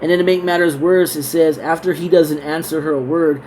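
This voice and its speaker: A man reading Bible verses slowly, then explaining them in a loose, conversational way with casual asides. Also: on the high side, fairly even intonation, a little mellow, a little hiss or hum, low-quality recording. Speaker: Bible teacher. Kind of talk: scripture reading and casual Bible study talk.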